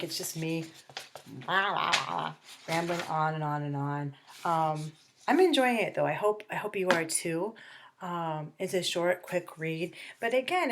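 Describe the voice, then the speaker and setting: A middle-aged woman teacher talking through a novel for her class at a distance, rambling casually with fillers and restarts. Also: fairly low pitch. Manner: acts out characters' lines in quick bursts. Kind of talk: remote lesson talk on a novel.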